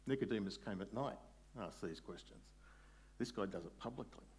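A man preaching a sermon in a conversational way, putting questions to his listeners and slowing down on key words. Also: fairly low pitch, a little mellow, a little hiss or hum. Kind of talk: sermon, Bible exposition.

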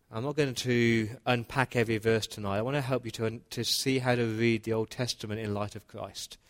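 Guy preaching, chatty and plain, mid-pitch voice. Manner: conversational, explaining, with fillers. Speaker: pastor. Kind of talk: sermon.

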